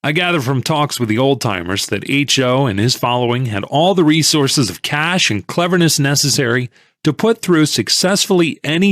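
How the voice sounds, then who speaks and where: Man, audiobook narrator, first person, lively pitch, dry close sound. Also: no room sound. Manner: measured, conversational storytelling.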